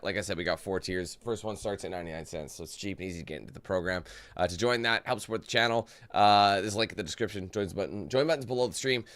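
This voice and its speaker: A man's voice: on the low side, a bit bright, no echo. Tired, rambling male streamer. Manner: rambling, chatty, greets chat by name. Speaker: livestreamer. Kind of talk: casual live-stream chat.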